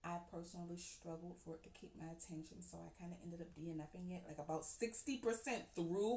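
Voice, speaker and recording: A woman reviewing books in a loose, chatty way, giggling often and calling her listeners "honey." Her voice sits a little low for a woman. The room around her rings with a noticeable echo. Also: fairly even intonation, fairly quick, few pauses, dark tone. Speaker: book reviewer. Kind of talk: casual chat. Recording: roomy echo.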